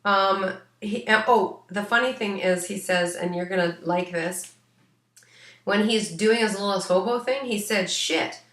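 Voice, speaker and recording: A woman's voice: mid-range voice, measured pace, fairly bright tone, echoey room. A woman working as an animal psychic, giving a rambling, casual reading full of fillers. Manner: rambling, many fillers, chatty. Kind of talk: casual spoken reading for a client.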